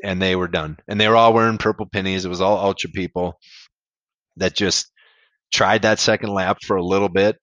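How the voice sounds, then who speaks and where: A man with a low voice tells his story in a loose, candid way. He rambles a little and swears casually. The sound is dry and close. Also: fairly even intonation, a little fast, a bit bright, dry recording. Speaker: podcast guest, amateur ultrarunner.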